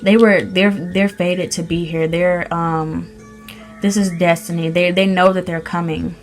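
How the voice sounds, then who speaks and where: A woman's voice: on the low side, flat delivery, measured pace, soft background music. A woman giving a casual tarot reading, gushing and chatty, with many ums and restarts. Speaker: spirit baby medium giving a tarot reading.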